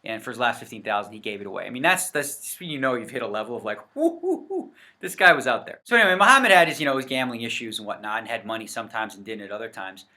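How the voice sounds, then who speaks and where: Indoors against a set backdrop, a male poker vlogger rants loosely to camera, stumbling through fillers and correcting himself. His mid-pitched delivery is animated and rapid-fire, bright and pushed, with hardly a pause. The microphone faces the camera.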